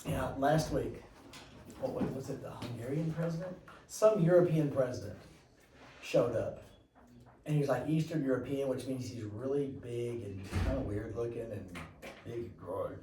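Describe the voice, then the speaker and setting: A man's voice: mid-range voice, moderate pace, warm tone, reverberant, distant mic, slight background noise, low-quality recording. A man teaching a class, chatty and rambling, with jokey asides to his students. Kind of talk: classroom lecture.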